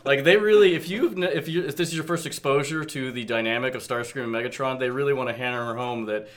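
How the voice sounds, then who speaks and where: A man's voice: medium pitch, quick pace. A man co-hosting a podcast, chatting casually, joking and laughing a lot. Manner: lively, jokey, laughs a lot. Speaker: podcast co-host. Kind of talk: casual chat.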